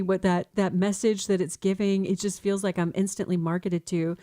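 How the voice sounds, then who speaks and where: A middle-aged American woman hosting a faith-based radio talk show, speaking in a casual, animated way. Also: medium pitch, normal speed, few pauses, dry recording, clean studio sound. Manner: animated, mimics ads in a sing-song voice.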